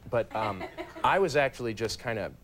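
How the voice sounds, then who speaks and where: A man's voice: mid-range voice, lively intonation, moderate pace, crowd noise. A man in his thirties, a guest actor telling a self-deprecating story on a talk show.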